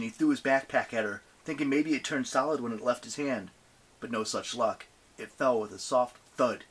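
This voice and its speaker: A man reading a novel aloud as an audiobook narrator, with animated, expressive delivery. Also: mid-range voice, breathy edge.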